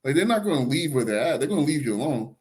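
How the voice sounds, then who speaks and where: A male podcast host telling a story in casual chat, animated, often repeating words as he starts sentences. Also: on the high side, racing.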